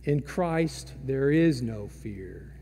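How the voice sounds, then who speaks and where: A man preaching a sermon as pastor, slow and dramatic, with big swings in loudness. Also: medium pitch, animated, breathy edge. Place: large church sanctuary. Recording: long reverb of a church hall.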